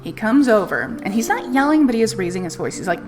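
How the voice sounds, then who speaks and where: A woman talking casually over a live stream, frank and loose, dropping swear words as she tells her story. Her voice sits at an ordinary middle pitch, and a soft music playlist plays faintly behind her. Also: sing-song, fast talker, hardly any pauses. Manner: candid, swears freely, laughs while telling.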